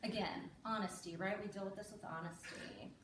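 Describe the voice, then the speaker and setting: A woman's voice: mid-range voice, steady tone, normal speed, slight background noise. A middle-aged woman performing a stand-up comedy set on a live stage, chatty and confiding, often tagging her lines with "right?". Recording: roomy sound from a distance.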